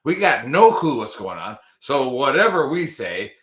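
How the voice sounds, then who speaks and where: A man with a bright, forceful voice hosts a live show. He jokes and rambles casually with his co-hosts. The sound carries a roomy echo. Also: medium pitch, sing-song, measured pace. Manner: loose, joking, rambling. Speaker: podcast host.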